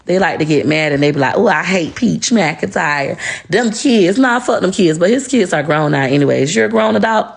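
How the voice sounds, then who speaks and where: A woman's voice: deep voice, gravelly. A woman delivering a blunt, profane, confrontational rant straight to camera, lecturing her listeners emphatically. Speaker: social media personality. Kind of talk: ranting to-camera monologue.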